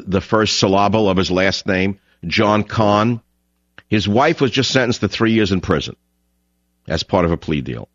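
Male talk radio host, low voice, mocking rant, dry and dull broadcast sound. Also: no echo. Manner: ranting, mocking, swings from shouting to muttering.

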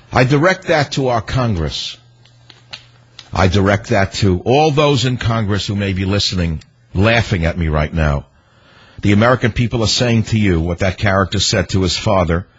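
A man's voice: on the low side, lively intonation, normal speed, breathy edge. A man hosting a radio talk show, delivering indignant political commentary with rhetorical, hammering repetition. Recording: dull lo-fi radio broadcast.

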